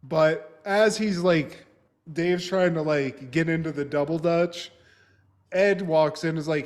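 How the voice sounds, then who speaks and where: A man's voice: fairly high pitch, a little slow. A man co-hosting a podcast, recapping TV scenes in casual, profane chat and laughing often. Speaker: podcast co-host.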